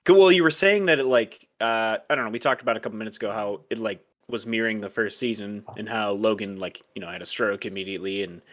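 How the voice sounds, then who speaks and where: Bright young guy on a podcast, sweary and unsure of himself. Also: fairly low pitch, fairly even intonation, quick pace, hardly any pauses. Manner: loose, swears often, hedging. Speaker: podcast co-host. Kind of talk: casual TV recap chat.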